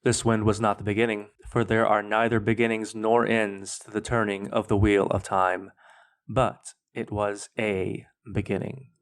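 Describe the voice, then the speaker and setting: A man hosting a podcast, reading his own fan fiction aloud in a measured, dramatic way. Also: lowish voice, flat delivery. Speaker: podcast host.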